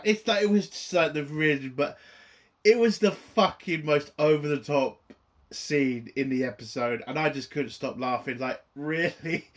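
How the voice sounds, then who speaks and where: A man's voice: fairly high pitch, moderate pace. Profane, ranting man. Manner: profane, exasperated, rambling rant. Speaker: TV reviewer. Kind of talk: ranting video review.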